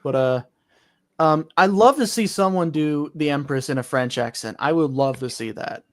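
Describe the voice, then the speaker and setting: A man's voice: on the high side, normal speed. A man in casual live-stream chat who explains eagerly, giving examples as he goes. His voice sits a little above the usual male range. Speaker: voice actor.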